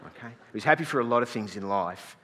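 A middle-aged pastor telling a self-deprecating story in a sermon, chatty and full of restarts. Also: male voice, mid-range voice, bright, forceful tone, a little hiss or hum. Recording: long reverb in a large hall.

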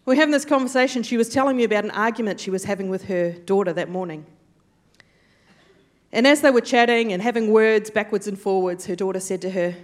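A woman's voice: mid-range voice, fast talker. A woman preaching a sermon, telling stories animatedly and acting out the quotes. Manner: storytelling, animated, acts out quotes.

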